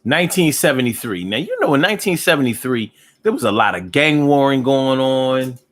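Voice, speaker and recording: A man's voice: medium pitch, lively intonation, brisk, fairly bright tone. Rambling laid-back man on a live stream. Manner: loose and rambling, slips into freestyle rhyming. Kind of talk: casual live chat reading viewer comments.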